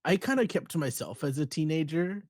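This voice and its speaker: A young man co-hosting a podcast in casual chat, telling animated stories, acting out quotes and swearing freely. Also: fairly high pitch, brisk, dry recording, studio quality. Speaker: podcast co-host.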